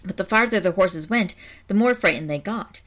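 A woman reading folk tales aloud as a storyteller, in an expressive and animated way. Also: mid-range voice, normal speed.

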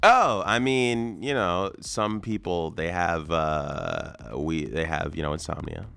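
Brief: very low, gravelly male radio co-host, loose rambling jokes, studio mic. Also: lively intonation, slow pace, fairly bright tone. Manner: rambling, joking, self-deprecating. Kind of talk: casual banter.

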